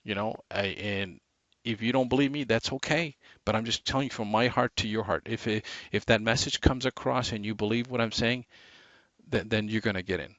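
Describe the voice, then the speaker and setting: Guy doing a sales training talk, lowish voice, up and down inflection, dull dry lo-fi sound. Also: fairly quick, no echo. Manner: animated, varies inflection and speed for emphasis.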